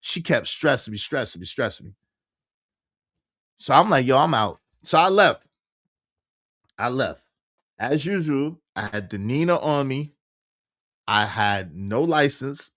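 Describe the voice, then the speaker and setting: A man telling a personal story casually, getting animated and jumping up in pitch when he quotes himself. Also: dry recording, clean studio sound. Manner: animated, jumps high when quoting himself, laughs through.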